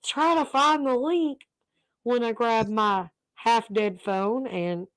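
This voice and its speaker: A woman's voice: a little high, slow, fairly bright tone, dry recording. Teasing Southern woman, dry close sound. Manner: laughs often, teasing. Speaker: livestream co-host. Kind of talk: casual livestream chat.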